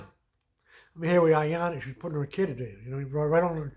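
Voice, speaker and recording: A man's voice: fairly high pitch, fairly quick, a little mellow, a little hiss or hum. A man telling a rambling, profane story in a casual rant, often repeating filler phrases. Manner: profane, rambling, repeats "you know what I mean". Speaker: vlogger.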